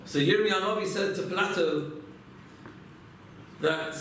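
A man's voice: high-pitched, lively intonation, normal speed, a bit bright, a little hiss or hum. A man giving a religious lecture, telling stories and asking and answering his own rhetorical questions. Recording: echoey room, mic far off.

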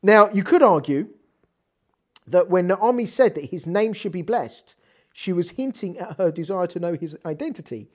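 Torah teacher doing a text study class, big swoopy pitch, keeps asking rhetorical questions. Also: moderate pace. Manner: animated, rhetorical questions, reads Hebrew terms.

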